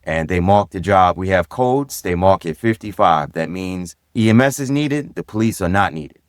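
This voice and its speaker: A middle-aged man from Brooklyn, telling stories in a podcast interview. His voice sits fairly low and sounds close and dry. He talks in a relaxed, direct way and livens up when he replays conversations. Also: normal speed, dry recording. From Brooklyn, New York. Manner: easygoing and direct, animated when recounting dialogue. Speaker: guest, former police sergeant and DJ. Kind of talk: casual storytelling in a podcast interview.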